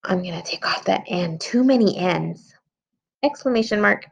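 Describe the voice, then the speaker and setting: A woman's voice: mid-range voice, expressive, normal speed, creaky, slightly rough. A woman teacher giving a writing lesson to young children, patiently thinking aloud as she edits her story. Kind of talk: early-grade writing lesson. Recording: slightly dull lo-fi sound.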